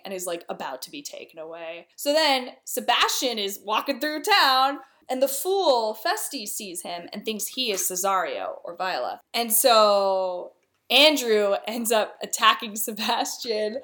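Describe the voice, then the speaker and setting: A woman's voice: medium pitch, lively intonation, unhurried, a bit bright. A young woman casually retelling a comic play in slangy everyday words, briefly acting out the characters' lines. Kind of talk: casual plot retelling with quoted voices.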